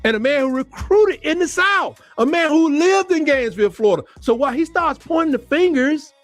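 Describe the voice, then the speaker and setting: A man hosting a sports talk show, delivering a heated, animated rant with lots of repeated emphasis. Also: very high-pitched, brisk, no echo. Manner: fired-up, animated, repetitive emphasis.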